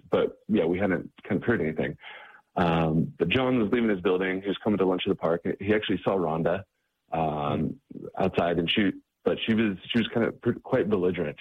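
Male guest, very low and husky, halting with many repeats, phone-quality audio. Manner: halting, repeats words often. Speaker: guest, charity staff member. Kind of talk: interview conversation. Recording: tinny phone-like line.

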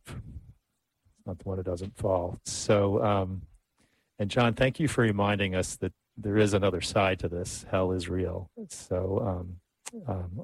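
A man's voice: low-pitched, no echo. A man hosting a faith radio talk show, easygoing with hesitant fillers. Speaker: radio host.

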